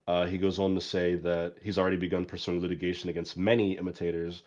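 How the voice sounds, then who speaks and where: A man's voice: sits low, little pitch movement, fast talker, hardly any pauses, a little mellow. A man co-hosting a casual pop culture talk show, reading news quotes aloud with offhand asides. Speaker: co-host. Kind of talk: casual podcast discussion. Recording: dull lo-fi audio.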